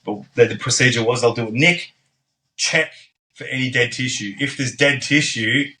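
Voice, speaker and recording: A man's voice: medium pitch, normal speed, sharp tone, low-quality recording. A young man telling his story as a podcast guest in a casual, blunt way, swearing freely and dropping plenty of ums and likes.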